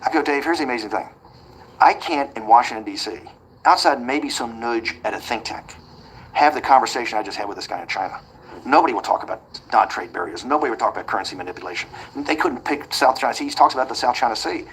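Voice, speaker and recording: A man being interviewed, telling a long anecdote quickly and acting out the quoted back-and-forth. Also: medium pitch, animated, a bit bright, slight background noise, poor audio. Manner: rapid anecdotal delivery that acts out quoted dialogue. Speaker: interview guest. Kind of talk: storytelling in a conversational interview.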